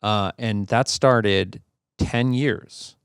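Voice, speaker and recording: A man with a low, gravelly voice tells a personal story on a podcast, easygoing and halting, full of fillers and restarts. The sound is dry and close. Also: no room sound. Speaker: podcast co-host. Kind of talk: casual conversational storytelling.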